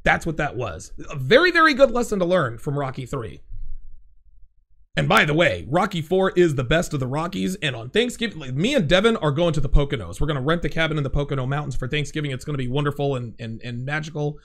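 A man hosting a livestream, reading out chat comments in blunt, profane, excitable casual talk. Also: fairly high pitch, fast talker.

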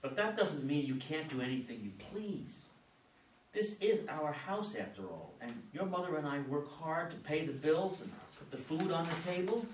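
A man playing a flustered but loving father in a community play reading, fumbling for words and then soft and soothing, recorded from a distance in a roomy space. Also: fairly high pitch, expressive, moderate pace, natural voice. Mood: defensive. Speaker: actor in a community reader's theater. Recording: roomy, distant mic with faint noise.

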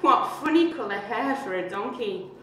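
A woman leading a craft demonstration for young children, chatty and playful as she asks them questions. She sits well back from the mic in a very echoey space, and her voice is slightly high. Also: lively intonation, moderate pace, pushed and bright, slight background noise. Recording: very echoey and distant.

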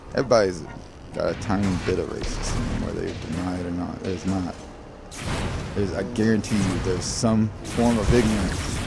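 Here a man with a lowish voice and audible vocal fry makes gameplay videos. His commentary meanders off topic, full of grumbles and remarks aimed at viewers.

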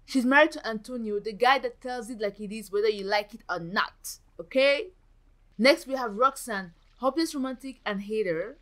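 A young woman giving dramatic, excitable commentary while playing a life-simulation game, often gasping and exclaiming. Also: on the high side, moderate pace. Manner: dramatic, gasps and exclaims, ends points with "okay?". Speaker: gaming YouTuber.

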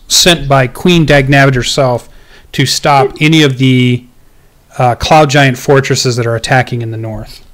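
A male game master narrating a tabletop session. He stumbles, restarts and fills pauses with ums. His voice sits at an ordinary male pitch. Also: fairly bright tone. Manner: hesitant, many ums and restarts.

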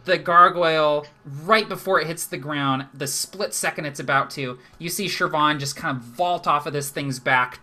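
A man's voice: medium pitch, sharp tone. A man running a live tabletop game as game master, narrating the action vividly and laughing easily.

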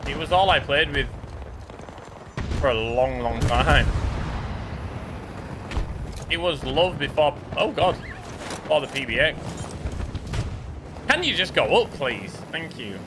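A man from the UK giving joking, excitable commentary while playing a game, chatting to his teammates. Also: fairly high pitch, slow pace, pauses often, background noise. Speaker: gaming YouTuber. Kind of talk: casual gameplay commentary. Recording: game sounds clearly behind the voice.

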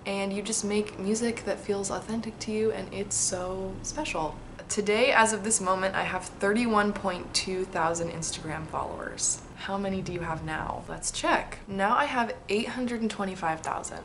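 A young woman in her twenties sits reading a letter from her past self and answers it aloud. Her voice sits at a middle pitch and her talk is chatty and excitable, turning reflective. A faint noise lies under the recording. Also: moderate pace. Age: 20s. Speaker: musician reading an old letter to herself.

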